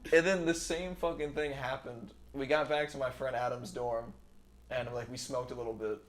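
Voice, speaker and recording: A man's voice: mid-range voice, normal speed. A young man hosting a casual podcast chat, telling stories with lots of laughter and swearing. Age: young adult. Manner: animated storyteller, swears freely, laughs through his stories. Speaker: podcast host.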